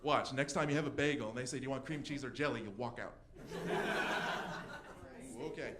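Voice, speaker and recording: A young man doing a stand-up comedy set, telling a story with quick voice switches for the people in it. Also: medium pitch, heavy background noise. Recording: echoey room.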